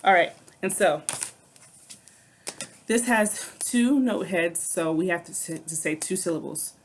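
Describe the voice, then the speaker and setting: A woman music teacher walks through rhythm syllables in a recorded lesson, patiently and step by step, checking in with "okay." Her voice is on the low side and her pace measured, with slight background noise.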